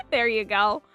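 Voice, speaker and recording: A woman's voice: sits high, sharp tone. Giggly woman streaming a game. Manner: chatty and giggly, reads game text aloud. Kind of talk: casual let's-play commentary.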